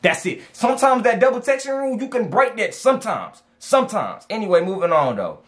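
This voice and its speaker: Brief: slangy male advice vlogger, higher-pitched, lively swings, repeats himself for punch. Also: a little fast. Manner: animated, slangy, repeats for emphasis. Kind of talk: casual reaction commentary.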